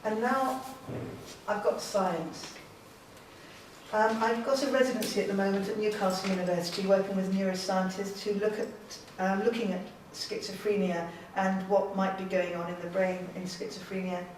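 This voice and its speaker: A woman's voice: mid-range voice, little pitch movement, normal speed, far from the mic, a little hiss or hum. A woman artist giving an informal, enthusiastic gallery talk to an audience, chatty and self-deprecating. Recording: very echoey room, voice from afar.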